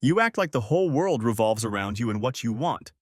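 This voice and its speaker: A man's voice: mid-range voice, very animated, fairly quick, no room sound, studio quality. A man voicing a stern middle-aged mother who scolds bluntly, in a storybook reading. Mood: scolding.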